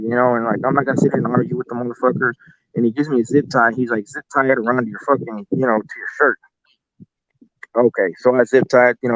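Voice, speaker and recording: A man's voice: medium pitch, a bit bright, no echo, lo-fi sound. A man telling a long story casually, cursing freely and acting out what people said. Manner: profane, rambling, quotes people as he goes. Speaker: guest telling an encounter story.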